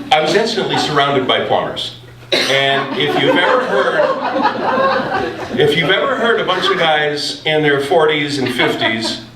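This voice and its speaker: A man telling a true personal story live and without a script, halting over his words with a wry tone. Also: a little high, recorded from a distance, heavy background noise. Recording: roomy live room from afar, faint ambience.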